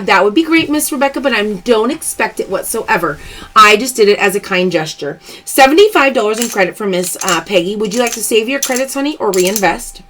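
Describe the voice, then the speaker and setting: A woman's voice: medium pitch, fairly bright tone, a little hiss or hum. A woman hosting a live-stream sale, chatting casually, calling out games and thanking viewers by name. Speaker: host of a live pearl-opening sales stream.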